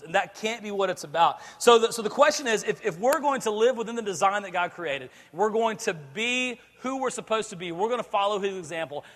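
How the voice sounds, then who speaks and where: A man preaching a sermon as pastor, animated and laughing often as he acts out scenes. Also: sits high, in a large hall. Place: church sanctuary.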